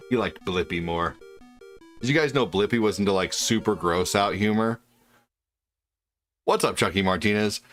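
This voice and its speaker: A man's voice: deep voice, fairly bright tone. A man streaming retro games, chatting casually and crudely with his viewers. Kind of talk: casual live-stream chat.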